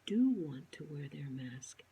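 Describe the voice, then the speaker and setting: Female vlogger, low and mellow, animated storyteller who often drops to a whisper. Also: takes it slowly, a little hiss or hum, low-quality recording. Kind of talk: personal storytelling monologue.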